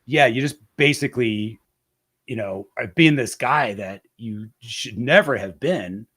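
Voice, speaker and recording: A man's voice: mid-range voice, lively intonation, a little slow, a bit bright, husky. A man as a podcast guest, speaking candidly and reflectively, often restarting and repeating words as he searches for the right phrasing. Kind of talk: candid interview conversation.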